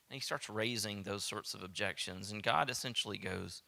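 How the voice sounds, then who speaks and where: Southern guy preaching, bright forceful voice, animated, acts out the voices, drops to a whisper sometimes. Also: fairly low pitch, normal speed, creaky, few pauses. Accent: Southern American. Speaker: pastor. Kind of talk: sermon.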